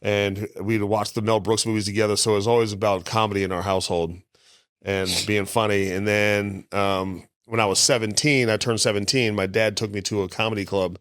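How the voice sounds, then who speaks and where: A man in his fifties with a low voice tells long, rambling stories as a guest, laughing as he goes. The sound is dry and close, with no room around it. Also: little pitch movement, fairly quick, fairly bright tone, no room sound. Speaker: guest comedian. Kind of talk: casual interview storytelling.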